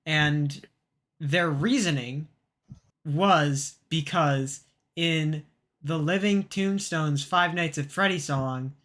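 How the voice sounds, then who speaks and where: A young man talks through a story on a podcast with a bright, forceful voice. His tone sits a little high for a man, and he rambles and restarts, filling gaps with ums and uhs. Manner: rambling, halting storytelling with many fillers. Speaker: podcast co-host. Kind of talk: casual chat.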